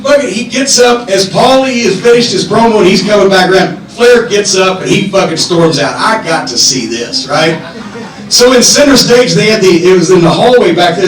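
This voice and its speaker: A middle-aged man with a fairly high voice tells rambling, profane stories with lots of energy on a comedy club stage. The sound bounces around a very echoey room, and he is heard from some distance off the mic. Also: slight background noise. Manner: profane, animated, rambling anecdotes. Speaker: podcast host. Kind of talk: live podcast storytelling.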